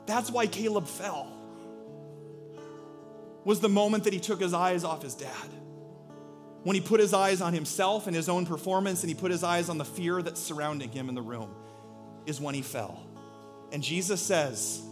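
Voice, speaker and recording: A male pastor preaching a sermon, telling stories in an animated way and acting out quotes. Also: sits high, normal speed, long pauses, faint music behind.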